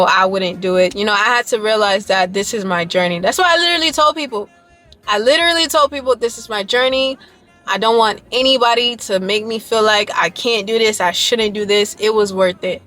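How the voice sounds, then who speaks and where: A woman's voice: medium pitch, fairly bright tone. A young woman vlogging to her viewers in a casual, rambling way, earnest and emotional about her dance journey. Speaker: YouTuber and dancer. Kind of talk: casual vlog chat to viewers.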